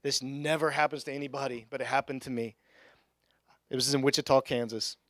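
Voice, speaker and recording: A young adult male pastor giving a conversational sermon in a church, with joking asides and bursts of excitement. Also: medium pitch, fairly quick, no echo, clean studio sound. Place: church sanctuary.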